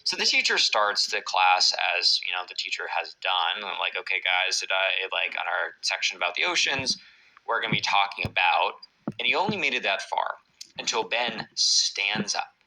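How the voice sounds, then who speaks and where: A man's voice: low voice, sing-song, normal speed, pushed and bright, rough recording. A man casually telling a classroom story on a podcast, animatedly acting out the characters in quoted voices.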